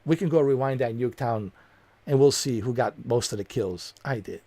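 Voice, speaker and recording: A man's voice: mid-range voice, moderate pace, warm tone, no echo. Heated, profane man ranting. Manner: heated, profane, repetitive, confrontational. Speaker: streamer. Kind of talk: angry rant at a viewer.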